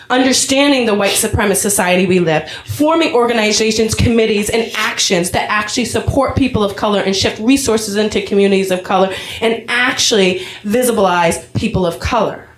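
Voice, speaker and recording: A woman's voice: a little high, reverberant, low-quality recording. A woman from Vermont giving an earnest, emotional public comment at a town meeting. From Vermont, USA.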